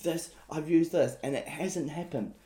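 A man's voice: a little high, measured pace, dark tone. A young man with a New Zealand accent, co-hosting a podcast in a playful, chatty way. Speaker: podcast co-host. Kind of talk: casual chat. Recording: echoey room.

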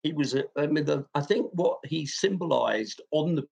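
A football club chairman tells an anecdote. His voice sits a little high and is husky and gravelly. He talks in an animated way, with frequent fillers and false starts. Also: moderate pace. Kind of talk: anecdotal storytelling.

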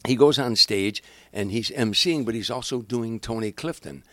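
An older comedian tells show-business stories in a loose, animated way, jumping into voices for the people involved. His pitch sits in the middle range for a man. The recording is dry and close. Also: moderate pace, no room sound. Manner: animated, acts out voices, frequent restarts. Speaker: guest comedian. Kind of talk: casual anecdotal storytelling.

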